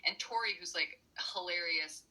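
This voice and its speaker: A woman who performs burlesque and is a minister, telling her story in a casual interview, animated and full of "like.". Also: on the low side, moderate pace, poor audio. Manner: animated storyteller, many "like" fillers.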